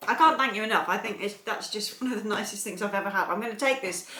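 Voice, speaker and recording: A woman's voice: mid-range voice, fast talker, pushed and bright, roomy sound. A woman vlogging as she unboxes a gift, chatting casually, gushing and laughing often. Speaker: soap maker vlogger.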